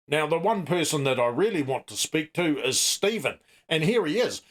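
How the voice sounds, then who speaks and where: A man's voice: fairly high pitch, sing-song, normal speed. A man hosting a comedy sketch as a mock-serious interviewer with a dry delivery. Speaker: parody interviewer host.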